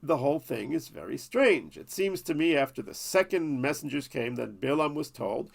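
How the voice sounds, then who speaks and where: A man's voice: on the high side, very animated, normal speed, gravelly, few pauses. A man telling a Bible story as a lesson, with playful, jokey asides. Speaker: Torah teacher.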